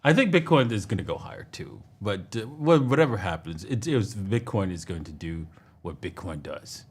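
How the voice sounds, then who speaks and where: A man co-hosting a casual livestream chat, relaxed, using slang and laughing often. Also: sits low, moderate pace, husky. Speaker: co-host.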